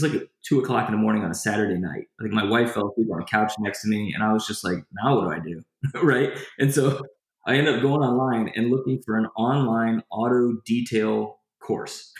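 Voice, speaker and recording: This medium-pitched male voice carries vocal fry as he, the guest in a casual interview, gives a lively retelling of something that happened to him. He rambles and restarts sentences midway, in a room with echo.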